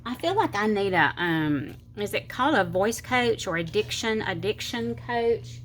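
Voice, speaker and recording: A woman's voice: mid-range voice, animated, measured pace, soft background music. A middle-aged woman with a Southern US accent, chatting casually and rambling as she decorates her planner, with slightly slurred speech, sometimes counting under her breath. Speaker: planner channel host. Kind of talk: casual chatty crafting vlog.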